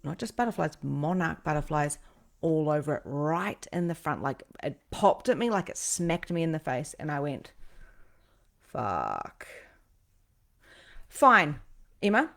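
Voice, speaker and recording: A woman, a psychic host telling a personal story with lively energy, acting out what people said and swearing casually. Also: deep voice, moderate pace, creaky. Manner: animated, acts out quoted lines, swears casually.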